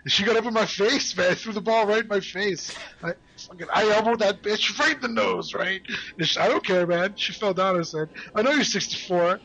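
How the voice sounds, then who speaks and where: High-voiced man spinning absurd tall tales. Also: vocal fry, a bit bright, dull audio. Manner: rambling absurd tall tales, slow drawl for punchlines. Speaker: co-host of a gaming stream. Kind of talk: joking gaming banter.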